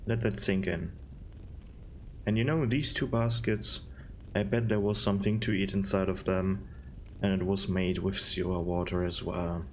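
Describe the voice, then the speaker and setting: A man's voice: low-pitched, steady tone, normal speed, slight background noise. A man giving casual, sarcastic gameplay commentary, rambling and disgusted. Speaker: gaming video host.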